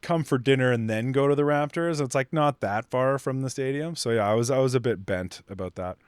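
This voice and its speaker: A man, a chef guest on a podcast, telling stories casually with lots of fillers, getting animated when annoyed. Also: medium pitch, fairly quick, clean tone, no echo, clean studio sound. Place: podcast studio.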